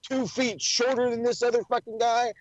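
A man co-hosting a podcast in casual chat, rambling, swearing freely and getting excited. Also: very high-pitched, moderate pace, dry recording, highs cut off. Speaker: podcast co-host.

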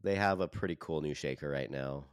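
Male co-host, very low and dry, relaxed and drawn-out. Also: smooth, dry recording. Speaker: podcast co-host. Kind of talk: casual chat, reading a sponsor plug.

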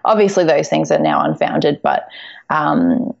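A woman with an Australian accent, a food blogger, chats casually as an interview guest, warm and encouraging with frequent ums and laughs. Her low-pitched, creaky voice is very animated and unhurried, though the recording is muffled.

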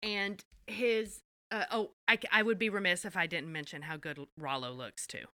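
A woman's voice: medium pitch, steady tone, moderate pace, pushed and bright, no echo, clean studio sound. A woman co-hosting a podcast, recapping an episode with enthusiasm and casual swearing. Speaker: podcast co-host.

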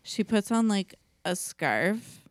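A woman's voice: medium pitch, big pitch swings, slow pace, no echo, clean studio sound. A woman co-hosting a podcast, telling a story in casual chat, full of "like" and laughing as she goes. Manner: chatty storyteller, lots of "like" and laughter. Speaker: podcast co-host.

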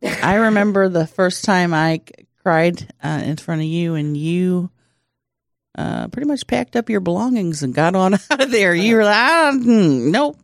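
A woman's voice: fairly low pitch, normal speed, dry recording, studio quality. A woman co-hosting a comedy podcast, teasing her partner and laughing easily in casual chat. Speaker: podcast co-host.

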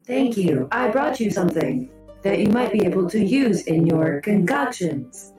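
A woman's voice: medium pitch, big pitch swings, warm tone, faint music behind. Formal woman player, roomy sound. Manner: formal, measured. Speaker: tabletop game player. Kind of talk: in-character tabletop play.

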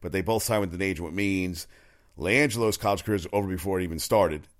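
Low-voiced male sports ranter, loose and profane, jumps between stories. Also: fast. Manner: rambling, profane, opinionated, frequent restarts. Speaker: sports talk commentator. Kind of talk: casual sports commentary monologue.

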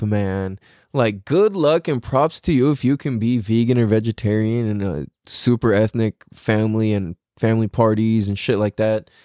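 A man's voice: medium pitch, darkish tone, no echo, clean studio sound. A man doing a casual comedic monologue as a podcast host, laughing often, swearing freely and using slang.

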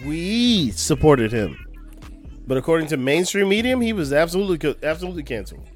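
A man's voice: on the high side, sing-song, a little fast. A man co-hosting a podcast with a slightly raised voice, pressing his argument insistently. He talks in a loose, back-and-forth debate with his co-hosts. Faint music sits underneath. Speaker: podcast co-host. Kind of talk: casual debate.

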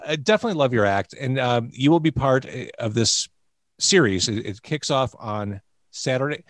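A man's voice: mid-range voice, animated, normal speed, dry recording, studio quality. A man hosting a casual interview, rambling and complimentary, often restarting his sentences. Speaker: interviewer, host of a comedy series.

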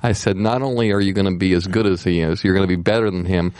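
A man's voice: deep voice, fairly even intonation, quick pace, a little mellow, clean tone, dry recording. A man telling earnest, heartfelt stories in a casual studio chat.

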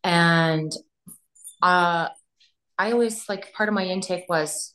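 A woman's voice: on the low side, steady tone, slow pace, fairly bright tone. Candid woman in her fifties. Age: 50s. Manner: candid, frank, laughs often, trails off mid-thought. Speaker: podcast guest. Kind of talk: casual chat.

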